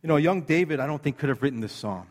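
A man preaching a sermon in an earnest, conversational way, slowing down to read scripture with emphasis. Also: a little high, expressive, in a large hall. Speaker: pastor.

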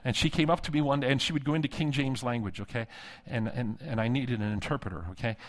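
A man's voice: mid-range voice, quick pace. A middle-aged man, a seminary dean, preaching a sermon and telling stories with humor, acting out the voices of people he quotes. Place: conference hall.

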